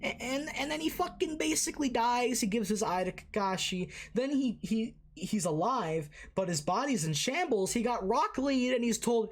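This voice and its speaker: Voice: medium pitch, lively intonation, moderate pace, few pauses. An anime reaction host giving casual, rambling commentary, swearing freely and full of fillers and restarts.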